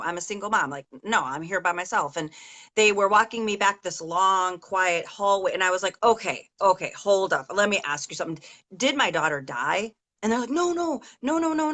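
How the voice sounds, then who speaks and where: A middle-aged woman with a fairly low, fairly bright voice interviews a guest on a casual call. The mother of an injured daughter, she tells a long personal story, rambling and emotional, with many fillers.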